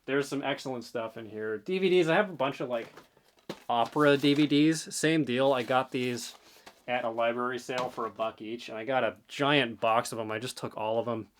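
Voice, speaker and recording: A man's voice: mid-range voice, moderate pace, slight background noise. A man talking casually to the camera as a reselling vlogger, offhand and rambling, a bit out of breath. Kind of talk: casual vlog talk.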